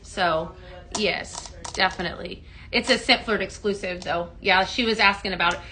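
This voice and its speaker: A woman's voice: medium pitch, moderate pace, noisy background. A woman hosting a live product stream, upbeat and chatty, greeting viewers by name as she mixes fragrances. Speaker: live sales host.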